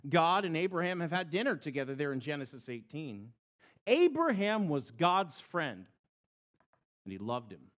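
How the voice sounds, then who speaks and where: A man's voice: a little high, very animated, moderate pace. A man preaching a sermon as pastor, telling stories and rising and falling in tone for emphasis.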